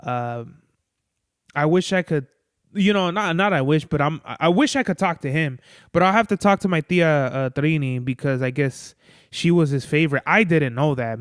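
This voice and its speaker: Profane rambling podcast host, crisp voice. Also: male voice, fairly high pitch, moderate pace, no room sound, clean studio sound. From Mexican-American family. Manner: rambling, profane, lots of "like" and "bro". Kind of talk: casual solo monologue.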